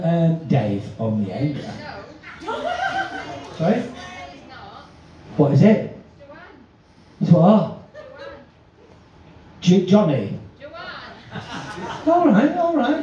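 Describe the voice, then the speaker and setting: A man working as a stage hypnotist in a live show, mixing slow soothing commands with crude, teasing banter. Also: high voice, mellow, far from the mic. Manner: drawn-out soothing commands between brash jokes. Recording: dull, echoey live recording from afar.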